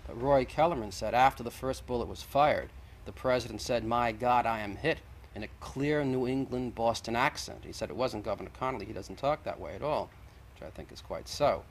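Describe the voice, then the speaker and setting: A man's voice: mid-range voice, a little fast, slight background noise, rough recording. Man arguing insistently, point by point. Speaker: guest. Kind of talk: televised debate.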